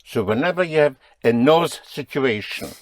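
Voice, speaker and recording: A man's voice: medium pitch, animated, moderate pace, no room sound. A man teaching a language lesson, patiently quizzing his students and explaining rules. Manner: patient, drilling students with questions.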